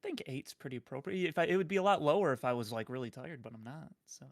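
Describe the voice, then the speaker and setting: A man co-hosting a stream over voice chat, soft-spoken and gentle, chatting casually. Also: a little high, quick pace, dry recording, clean studio sound. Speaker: co-host. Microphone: headset or desk mic over voice chat.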